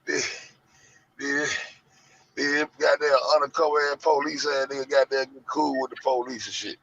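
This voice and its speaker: A man, ranting loud and profane to his online audience in heavy slang. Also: medium pitch, level tone, moderate pace, creaky, husky, no room sound. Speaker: show host. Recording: muffled lo-fi audio.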